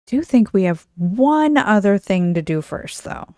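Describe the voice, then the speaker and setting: A woman's voice: mid-range voice, very animated, measured pace, mellow, no echo. A woman co-hosting a podcast in casual chat, reading segments aloud on a close mic. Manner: chatty, reads segments aloud. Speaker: podcast co-host.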